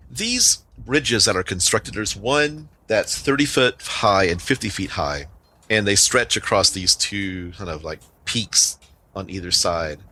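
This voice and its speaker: Deep-voiced game master for a tabletop game, bright tone, rambling descriptions, light hiss. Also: male voice, slow. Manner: rambling descriptive narration with many fillers.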